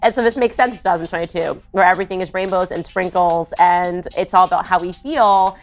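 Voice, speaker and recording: A woman delivering a sarcastic, opinionated political monologue, mocking and quick to scoff. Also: on the low side, faint music behind. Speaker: political commentator.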